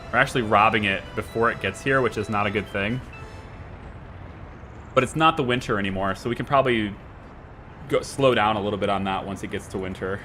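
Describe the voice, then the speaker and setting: Musing aloud over his game, a man with a Scottish accent chats to his viewers and to the tiny in-game workers. His voice is on the low side and slightly bright.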